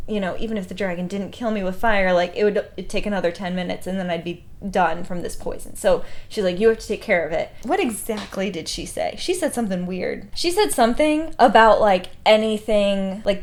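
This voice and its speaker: A young woman casually recapping a novel, chatty and animated, often acting out the characters' lines with lots of "like". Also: medium pitch. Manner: chatty, animated retelling with lots of "like" and acted-out quotes. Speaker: book reviewer.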